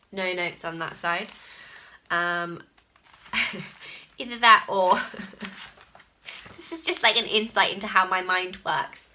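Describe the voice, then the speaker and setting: A woman hosts a relaxed crafting podcast from home. Her voice is bright and forward, and her easy chat is full of self-deprecating asides and small laughs. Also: mid-range voice, a little hiss or hum. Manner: chatty and self-deprecating, laughs at herself often. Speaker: podcast host. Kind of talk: casual chat.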